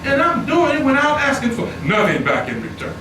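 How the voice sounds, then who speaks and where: A man's voice: extremely high pitch, huge pitch swings, fairly quick. Fervent preacher man in an echoey hall. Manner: fervent, repetitive preaching with rising emphasis. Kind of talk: sermon. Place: temple hall. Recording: echoey hall, distant mic, noisy.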